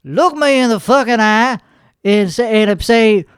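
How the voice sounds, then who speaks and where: Brief: high, smooth, dry-miked man, cursing nonstop as a bragging podcast host. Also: expressive, unhurried, fairly bright tone, no echo. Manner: profane, boastful, aggrieved. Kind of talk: comedic rant.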